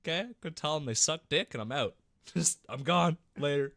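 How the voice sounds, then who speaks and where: A man's voice: a little high, normal speed, a bit bright, no echo, studio quality. A young man co-hosting a podcast, telling a gaming story with a lot of swearing and acting out voices and gunfire. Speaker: podcast co-host. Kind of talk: casual gaming story chat.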